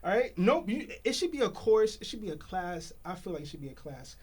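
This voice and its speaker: Exasperated man with a lively high voice. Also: fairly quick. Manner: exasperated, emphatic, repeats himself. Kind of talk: casual chat.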